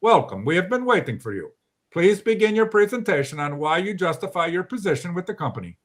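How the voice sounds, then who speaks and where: A man putting on a deadpan Polish consultant. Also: high-pitched, brisk, voice pushed up. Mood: deadpan formal. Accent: Polish, put on. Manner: formal, deadpan welcome. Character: stiff formal male Polish consultant.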